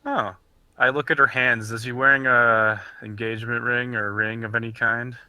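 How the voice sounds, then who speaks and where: A man's voice: mid-range voice, steady tone, normal speed, bright, forceful tone, no room sound. A young man playing a character in a casual tabletop role-play, playful and giggly. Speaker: player.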